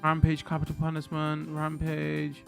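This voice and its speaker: Brief: male streamer, high voice, sweary animated rant, faint music behind. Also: moderate pace, vocal fry. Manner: animated, swearing, ranting to chat. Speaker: livestreamer. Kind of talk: casual livestream chat. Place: hot indoor room with a fan.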